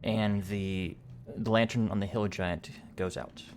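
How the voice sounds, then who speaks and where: Low-voiced man running a tabletop game. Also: fairly even intonation, unhurried, darkish tone, a little hiss or hum. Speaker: game master.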